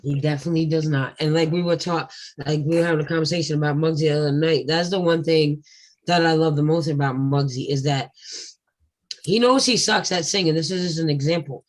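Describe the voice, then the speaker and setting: A woman hosting a casual livestream panel chat, blunt and quick to swear and laugh. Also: deep voice, low-quality recording. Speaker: panel host.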